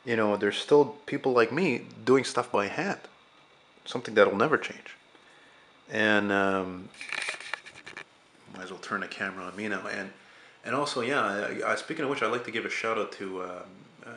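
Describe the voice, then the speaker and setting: Brief: man around 40, lowish voice, rambling casual vlog chat, faint background hiss. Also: moderate pace, a bit bright. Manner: rambling, hesitant, swears casually. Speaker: artist and channel host.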